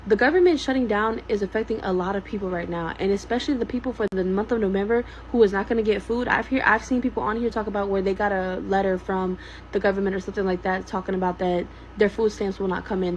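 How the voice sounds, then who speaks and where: Woman, social media clip, indignant and quick, muffled lo-fi sound, faint noise behind. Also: medium pitch, fairly even intonation, darkish tone. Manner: fast, indignant. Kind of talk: ranting video clip.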